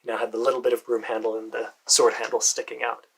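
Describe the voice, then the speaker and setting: An American man narrates his own fantasy adventure in the first person, his voice husky and breathy. He talks in a hesitant way, with fillers and soft muttered asides. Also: medium pitch, little pitch movement, quick pace, low-quality recording. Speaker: storyteller.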